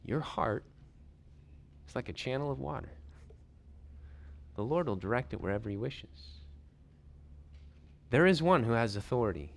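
A man preaching a sermon, reading and retelling scripture in an animated way and acting out the scenes. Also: medium pitch, normal speed, gravelly, pauses often, a little hiss or hum.

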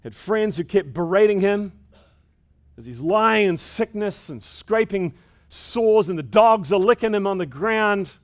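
A man preaching a sermon, building up to loud, emphatic passages and dropping to quiet, measured ones, sometimes repeating words as he restarts. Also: sits high, expressive. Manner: dynamic preaching, rising and falling sharply in loudness. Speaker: pastor.

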